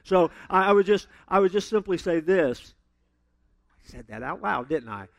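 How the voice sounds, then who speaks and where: A man preaching a sermon, telling stories with sudden loud emphasis and playful asides. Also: sits high, animated, moderate pace, no echo.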